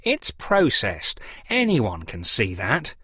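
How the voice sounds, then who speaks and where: A man's voice: on the low side, wildly swooping pitch, slow, bright, forceful tone, husky, no echo, exaggerated voice. A man voicing a fussy, pompous middle-aged clergyman who lectures in a precise, theatrical way. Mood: lecturing.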